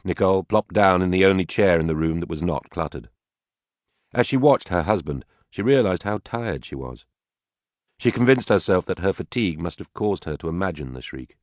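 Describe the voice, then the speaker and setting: A man reading an audiobook novel aloud as its narrator, in measured storytelling. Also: low-pitched, expressive, no echo, studio quality. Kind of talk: scripted narration.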